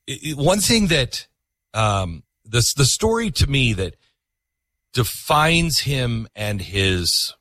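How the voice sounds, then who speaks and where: A man hosting a talk show, telling stories in an animated way and reading an ad. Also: medium pitch, no room sound. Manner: animated, vivid storyteller. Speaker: host. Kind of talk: casual interview and ad read.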